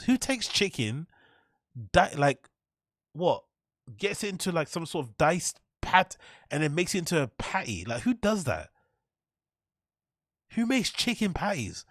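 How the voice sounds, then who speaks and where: A man's voice: high-pitched, dry recording, studio quality. A man hosting a reaction show, ranting in mocking, incredulous, sweary bursts. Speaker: host. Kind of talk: reaction commentary.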